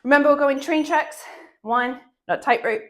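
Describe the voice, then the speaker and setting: Sounding a bit bright, with a voice that sits high, a female fitness instructor coaches dumbbell work at normal speed. She counts cheerfully and laughs frequently, though a cold puts a slight cough in her voice.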